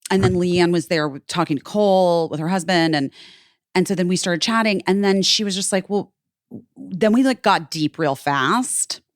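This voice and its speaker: Woman podcast host, forties, lower voice, dry close sound, rambling casual storytelling with lots of "like". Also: moderate pace, no echo. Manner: chatty, heavy on "like", swears freely.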